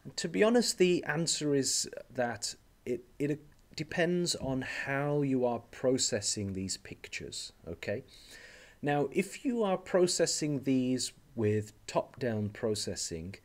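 A man teaching a recorded slide lecture, explaining step by step and often checking in with "okay?", slowing down on key terms. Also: mid-range voice, sing-song. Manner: speaks slowly on key terms. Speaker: language teacher trainer.

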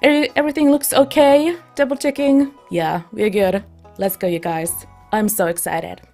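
A woman hosting a let's play, chatting in a bubbly, excitable way as she starts a new game. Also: medium pitch, normal speed, faint music behind. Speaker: let's play streamer and host. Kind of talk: casual gameplay commentary.

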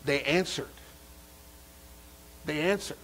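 A man preaching a sermon as pastor, lively and repetitive, with frequent restarts. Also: on the high side, takes it slowly, rough recording.

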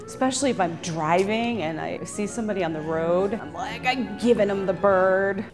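A woman's voice: mid-range voice, lively intonation, moderate pace, few pauses, over music. A woman in an interview, explaining signs in a blunt, matter-of-fact way and swearing freely. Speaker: interviewee explaining sign language. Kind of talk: casual interview.

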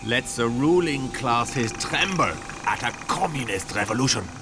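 A man voicing a stern older male revolutionary thinker, speaking gravely in a declamatory way. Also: medium pitch, animated, unhurried, noisy background, natural voice.

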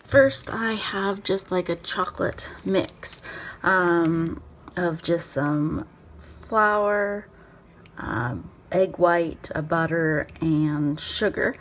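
A woman's voice: on the low side, drawn-out words. A young woman chatting casually and upbeat in a daily vlog, laughing often. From Canada. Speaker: vlogger.

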